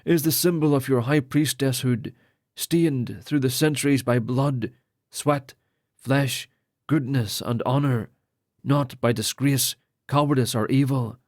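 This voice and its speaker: A man's voice: medium pitch, measured pace, a little mellow, no echo, studio quality, close to an everyday voice. A man voicing a solemn male lord who ordains priests, speaking in grave, formal pronouncements.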